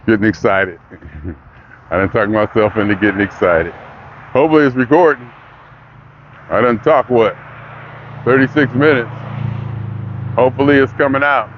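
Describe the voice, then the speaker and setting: A man's voice: medium pitch, normal speed, pauses often, slight background noise. Older man rambling in a dull recording. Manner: rambling, talks himself into excitement. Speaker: vlogger. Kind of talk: casual monologue.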